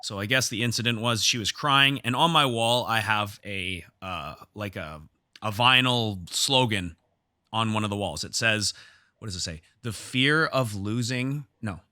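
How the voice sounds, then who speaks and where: A man's voice: lowish voice, a little slow, bright, forceful tone, no room sound, studio quality. A man hosting a podcast, telling a story from his gym in a casual, heated way, restarting his sentences. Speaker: podcast host and gym owner.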